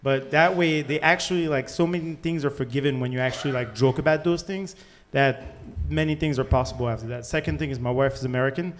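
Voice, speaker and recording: A man's voice: medium pitch, fairly even intonation, fast talker, hardly any pauses, a little hiss or hum. A man with a French accent, an investor on a startup panel, answering candidly and with jokes, with many "like" fillers. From France.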